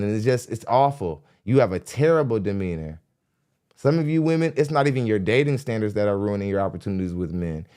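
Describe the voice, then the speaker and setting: A fairly low-voiced young man rants into a studio mic as a podcast host, blunt and mocking. He scolds in a heated tone and often breaks into laughter between jabs. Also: a little mellow, clean tone. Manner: mimics others in high squeaky voices. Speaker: podcast host reacting to a dating show. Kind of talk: ranting reaction commentary.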